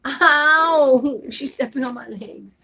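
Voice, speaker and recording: Home vlogger mom, slow and high, coaxing baby talk, casual chat. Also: female voice, creaky, bright, forceful tone, low-quality recording. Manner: coaxing baby talk mixed with chatty asides to viewers. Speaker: vlogger and mother.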